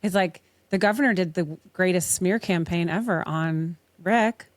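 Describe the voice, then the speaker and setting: A woman's voice: on the low side, moderate pace, dry recording. A woman hosting a podcast, chatting casually, swearing freely and laughing often. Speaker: podcast host. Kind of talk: casual interview chat.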